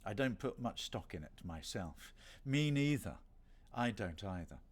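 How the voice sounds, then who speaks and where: Hosting a livestream signing session, a middle-aged British voice actor talks in a lowish, very animated but unhurried voice. His chat is casual and rambling, self-deprecating and peppered with playful asides.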